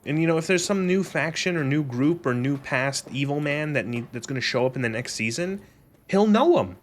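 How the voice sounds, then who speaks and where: A man's voice: on the high side, animated, fairly quick, a little hiss or hum. A young man on a gaming stream, rambling sarcastically with lots of swearing and laughter. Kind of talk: casual gaming stream commentary.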